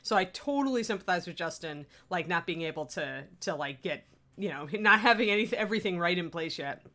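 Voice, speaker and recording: Woman, low-ish voice, sleepy, rambling casual chat, miniature painting livestream. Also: expressive, fairly quick, bright, forceful tone. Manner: chatty, rambling, laughs often. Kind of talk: casual live-stream chat. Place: home streaming room.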